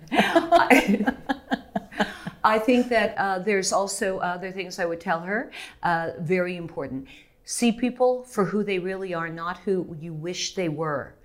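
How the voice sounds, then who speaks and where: Frank, animated woman from Montreal. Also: medium pitch. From Montreal, Canada. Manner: frank and animated, laughs often, many restarts. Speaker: guest. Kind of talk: candid interview conversation.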